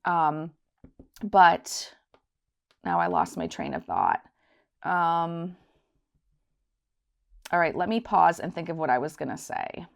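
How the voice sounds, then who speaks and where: A middle-aged woman with a fairly low voice chats straight to her viewers in a casual story time. She rambles, backtracks and loses her thread, and she jumps into bright little impressions of everyone in the tale. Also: expressive, slow, vocal fry, pauses often. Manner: chatty, rambling, acts out voices in her anecdotes. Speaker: budgeting channel host.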